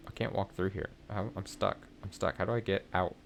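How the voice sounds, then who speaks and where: A man's voice: sits low, fairly quick, gravelly, few pauses. A man giving casual let's play commentary, with wry, muttering, self-mocking asides as he plays.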